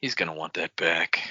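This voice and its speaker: A man's voice: deep voice, pushed and bright, husky, no echo. A man cohosting a casual podcast, riffing on jokes with playful voiced bits. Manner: laughing jokey riffs with big voiced bits. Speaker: podcast co-host. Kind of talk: casual book-club chat. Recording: dry, slightly muffled audio.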